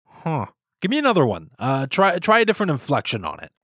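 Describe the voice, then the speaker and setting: Excitable stammering young man, lively pitch. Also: fast, no room sound, studio quality. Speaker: amateur film director. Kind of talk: casual banter.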